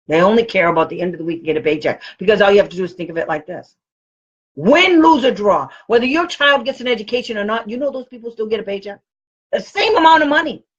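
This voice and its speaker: A blunt, combative woman talks straight to parents in an informal training. Her voice is husky and sits a little high, and her pitch swings widely as she drives her points home. The sound is dull and lo-fi. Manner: animated, blunt and combative, with quoted comebacks. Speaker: special education advocate. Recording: dull lo-fi recording.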